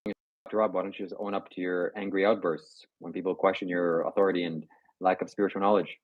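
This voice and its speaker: A man's voice: low voice, level tone, fast, narrow, tinny audio. A man reading out viewer questions and pressing the host with challenges.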